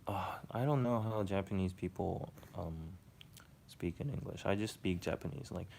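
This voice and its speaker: A man's voice: low voice, normal speed, gravelly, darkish tone, slight background noise. A man casually chatting to his viewers during a live stream, rambling and hesitant and swearing now and then. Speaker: live streamer reading chat.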